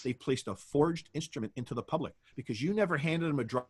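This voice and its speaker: Fast, emphatic man. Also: fairly high pitch, a little mellow, breathy edge. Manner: emphatic, storytelling, rhetorical questions. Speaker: interview guest. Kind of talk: conversational interview.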